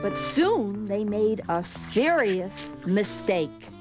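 Brief: woman storyteller reading a picture book, slow and very animated, faint music under. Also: mid-range voice. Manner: expressive, deliberate. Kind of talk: children's storybook read-aloud.

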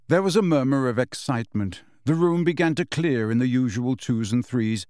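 Brief: male storybook narrator, measured and expressive, mid-pitched, dry and close. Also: clear, resonant tone, dry recording. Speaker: audiobook narrator. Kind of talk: scripted narration.

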